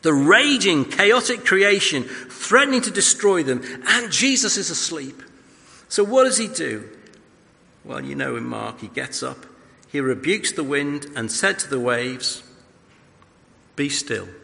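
Animated preacher in an echoey hall. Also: male voice, a little high, measured pace, creaky. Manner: animated storytelling, acting out scripture. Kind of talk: expository sermon.

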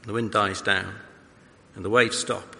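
Lively male preacher telling bible stories, bright voice, big echoey church. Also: on the low side, measured pace, gravelly. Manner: animated storytelling, acting out scripture. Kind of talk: expository sermon.

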